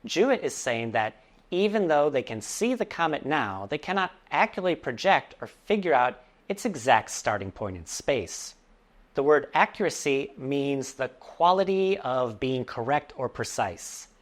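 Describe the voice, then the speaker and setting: An English teacher giving a scripted vocabulary lesson, explaining words clearly and slowly, with playful asides. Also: mid-range voice, sing-song.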